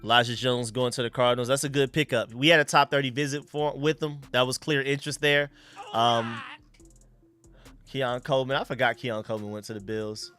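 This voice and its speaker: A young man hosting a casual live stream, chatting excitedly and thanking donors. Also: medium pitch, fairly quick, soft background music.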